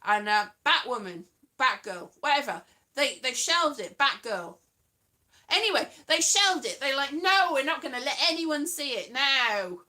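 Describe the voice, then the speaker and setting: A woman hosting a casual chat, rambling and trailing off as she hunts for names, with quick asides. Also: sits high, very animated, bright, forceful tone. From Wales. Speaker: podcast host.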